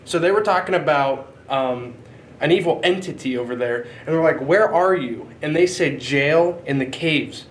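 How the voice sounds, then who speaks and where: A young man with a slightly raised voice chats casually and excitably while exploring a dark basement. Faint noise sits behind him. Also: a little high. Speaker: paranormal investigator. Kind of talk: casual chat during investigation.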